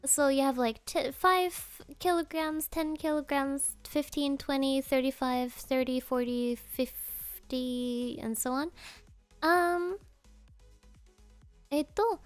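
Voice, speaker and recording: A woman streamer telling a rambling story in casual chat, giggling often and filling pauses with Japanese interjections. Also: high voice, faint music behind.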